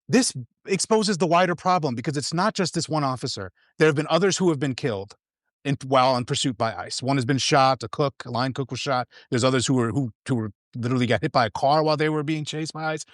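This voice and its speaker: A man's voice: fairly high pitch, no echo, clean studio sound. A man talking as a guest commentator in a casual, heated political chat, slangy and emphatic, stumbling over restarts.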